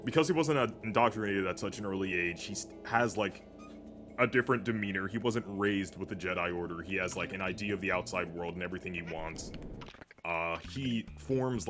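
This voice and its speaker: Rambling young man over game music. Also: deep voice. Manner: rambling, filler-heavy chatter. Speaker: streamer. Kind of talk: casual gameplay commentary. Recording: music playing behind.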